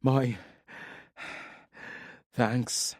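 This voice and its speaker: A man's voice: mid-range voice, little pitch movement, very slow, darkish tone, no echo, clean studio sound, voice pushed up. A man voicing a young male warrior in an audiobook, terse and urgent.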